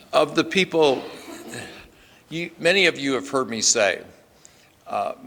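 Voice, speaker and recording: A man's voice: on the low side, fairly bright tone. An older man, a state senator, gives a plainspoken, emphatic speech at a podium in a hotel event hall, restarting his sentences often. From Pennsylvania. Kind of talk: speech at a press club luncheon.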